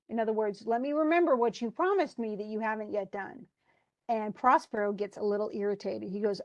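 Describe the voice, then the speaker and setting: A woman's voice: a little high, moderate pace, a little mellow, dry recording, highs cut off. A woman teacher talking a class through a play in casual, chatty explanations.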